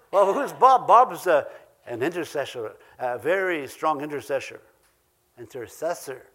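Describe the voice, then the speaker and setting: A man's voice: fairly high pitch, animated, unhurried, fairly bright tone. A man with an Ojibwe accent preaching a sermon, earnest and repeating key phrases for emphasis, with chuckles between points.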